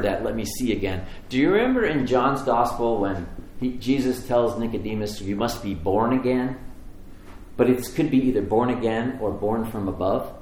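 A man's voice: medium pitch, darkish tone, a little hiss or hum. A man preaching a sermon, telling the story with animation and acting out the voices in it. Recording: echoey room with faint ambience.

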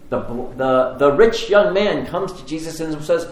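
Animated male preacher in an echoey room. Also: fairly high pitch, unhurried. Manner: animated storytelling, acting out voices in the story. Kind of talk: sermon. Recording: echoey room with faint ambience.

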